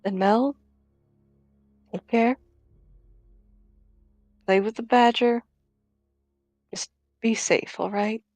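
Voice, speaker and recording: A woman voicing a calm, caring older mentor figure who gives slow parting advice. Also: fairly high pitch, no room sound, faint music behind.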